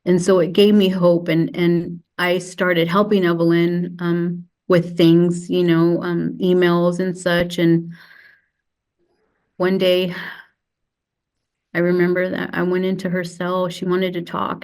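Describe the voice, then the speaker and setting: A woman telling her own story as a podcast guest, halting and tearful, often restarting her sentences. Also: on the low side, little pitch movement, darkish tone. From United States. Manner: halting, with many restarts and fillers. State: tearful, close to crying. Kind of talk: emotional personal testimony.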